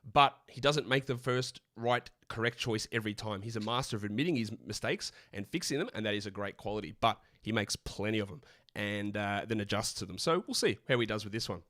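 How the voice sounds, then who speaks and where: An Australian man co-hosting a live stream, answering viewer questions in a blunt, opinionated, rapid-fire way. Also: lowish voice, a bit bright, no room sound, studio quality. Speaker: podcast co-host.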